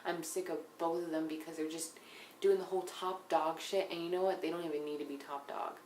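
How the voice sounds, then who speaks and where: A woman's voice: sits low, steady tone, a little fast. Blunt young woman, profane casual recap. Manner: blunt, swears often, drops into hushed asides. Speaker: reality TV recapper. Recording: echoey room, faint background noise.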